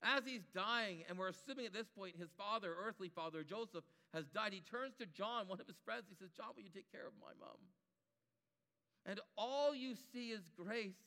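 A man's voice: high voice, moderate pace, few pauses, pushed and bright, long reverb tail. A man preaching a sermon, building his points through emphatic repetition.

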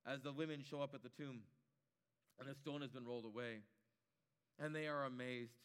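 A man's voice: medium pitch, fairly even intonation, moderate pace, clean tone, long reverb tail. A man preaching a sermon, building his points through emphatic repetition.

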